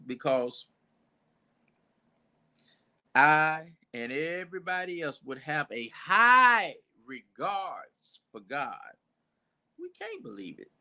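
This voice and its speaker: A man's voice: fairly high pitch, sharp tone. A man preaching an informal sermon in a church, talking conversationally with asides and restarts.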